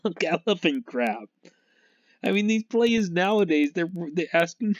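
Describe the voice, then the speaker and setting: A man's voice: high-pitched, sing-song, a little slow, dry recording. Rambling man from Massachusetts, lo-fi. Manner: laughs often, trails off and restarts. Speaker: sports fan vlogger. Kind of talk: rambling casual monologue. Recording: dull lo-fi recording.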